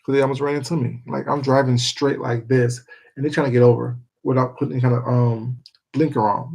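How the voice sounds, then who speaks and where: A man's voice: mid-range voice, steady tone, a little fast, gravelly, a little mellow, low-quality recording. A man chatting casually with his viewers on a stream, rambling, laughing and swearing freely. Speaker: livestreamer.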